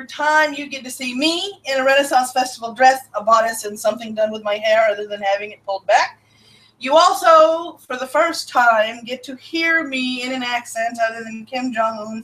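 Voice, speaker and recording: A woman's voice: high-pitched, fairly bright tone, recorded from a distance, low-quality recording. A woman hosting a casual live-stream show, chatting, laughing often and answering her chat.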